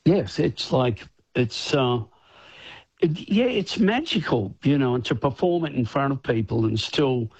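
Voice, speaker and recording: A husky, slightly breathy Australian man in his sixties, talking loosely as a radio guest. He rambles with lots of "you know" and laughs easily. The sound is dry and a bit muffled. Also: mid-range voice, lively intonation, a little slow, a little mellow, no echo. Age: 60s. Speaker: musician guest. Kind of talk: radio interview chat.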